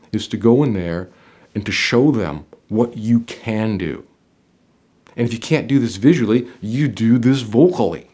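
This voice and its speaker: A man talking as a job interview coach, giving advice to camera in an emphatic way, with sudden loud stresses and quiet drops, often repeating phrases. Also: medium pitch. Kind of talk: direct-to-camera advice talk.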